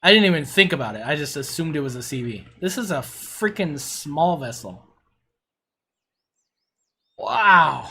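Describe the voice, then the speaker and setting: Brief: excitable middle-aged male streamer, slightly high voice, casual and gushing. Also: measured pace, pauses often, husky. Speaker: game streamer reviewing player builds. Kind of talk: casual livestream commentary.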